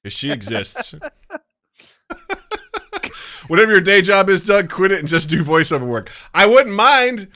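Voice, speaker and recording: A man's voice: high voice, big pitch swings, unhurried, long pauses, pushed and bright. A man from the United States co-hosting a casual podcast, jokey and laughing often. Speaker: podcast co-host and game master.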